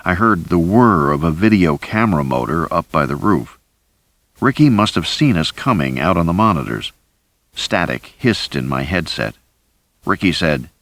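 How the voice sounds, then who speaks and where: Deep male audiobook narrator, lively pitch, dry studio sound. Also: unhurried, vocal fry, no echo. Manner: deep, steady, lively delivery. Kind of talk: scripted first-person narration.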